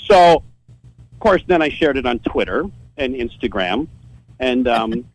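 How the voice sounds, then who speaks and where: A man's voice: mid-range voice, wildly swooping pitch, measured pace, vocal fry, low-quality recording. A man telling a story as a guest on a podcast, casual and profane, often stumbling and repeating words as he starts a sentence.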